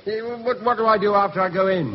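An actor playing a nervous, bumbling gentleman who hesitates and stammers. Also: sits high, fairly even intonation, fast, natural voice. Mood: flustered. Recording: muffled, echoey old radio recording.

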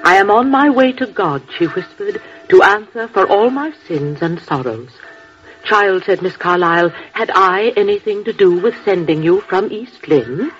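A woman's voice: mid-range voice, animated, moderate pace, faint music behind, lightly acted. A woman playing a meek young niece. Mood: reading aloud. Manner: quiet, mild, evasive. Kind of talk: vintage radio drama acting. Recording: muffled old radio recording.

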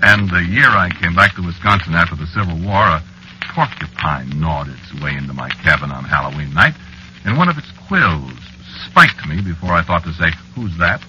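A man's voice: deep voice, moderate pace, pushed and bright, soft background music, rough recording. An actor narrating as an ageless man married to a witch in an old-time radio drama, wistful in telling and flustered in dialogue. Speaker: narrator and lead character.

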